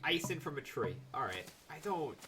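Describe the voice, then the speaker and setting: A man giving casual, joking let's-play commentary, sarcastic and lively. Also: a little high, moderate pace. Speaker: streamer playing a game. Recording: mic sounds distant, game music behind.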